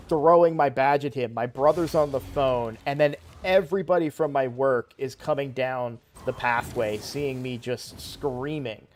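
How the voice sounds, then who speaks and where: A young man casually telling a personal story while playing a game, rambling with lots of fillers and restarts. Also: medium pitch. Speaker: gaming streamer.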